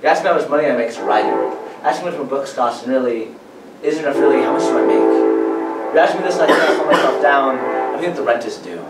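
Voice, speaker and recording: A man's voice: medium pitch, fast talker, loud music behind the voice. A man reciting spoken word poetry in a rhythmic, emphatic way, heard from a distance in a performance hall. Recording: echoey hall, distant mic.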